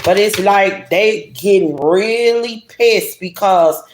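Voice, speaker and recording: A woman giving a casual tarot reading to her viewers, blunt and animated, cursing and laughing freely. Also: medium pitch, slow pace. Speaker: tarot reader. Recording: roomy echo, faint hiss.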